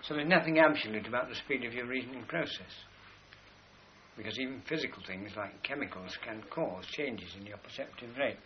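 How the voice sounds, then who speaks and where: A man's voice: mid-range voice, a little fast. A man delivering a discursive philosophical lecture, stopping to point at sketches as he goes. The recording sounds dull and lo-fi, with a faint hiss running underneath. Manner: discursive, pointing at drawings while explaining.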